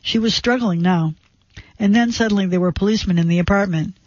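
Male narrator, higher register, tense measured read for suspense fiction, dry muffled studio sound. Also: dry recording. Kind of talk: scripted narration of a suspense story.

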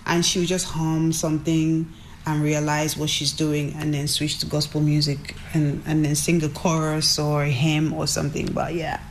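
A woman from Nigeria, a record executive, telling a story in an interview in an animated, chatty way with many fillers and quoted asides. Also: low-pitched, normal speed, a little hiss or hum.

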